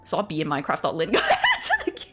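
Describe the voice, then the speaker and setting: A woman's voice: low-pitched, huge pitch swings, fast talker, pushed and bright, slightly rough, faint music behind. A woman streamer chatting casually, ranting animatedly, laughing often and swearing freely.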